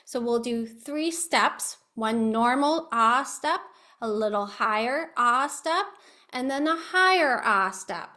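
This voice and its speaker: High, bright-voiced woman teaching a webinar. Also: expressive, slow pace. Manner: patient, instructive, coaching listeners through exercises. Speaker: speech-language pathologist. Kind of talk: online educational presentation. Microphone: video call.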